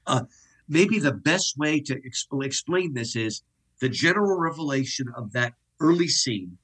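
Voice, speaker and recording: A middle-aged man, a guest professor, explaining ideas in an animated, lecturing way over a video call. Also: a little high, measured pace.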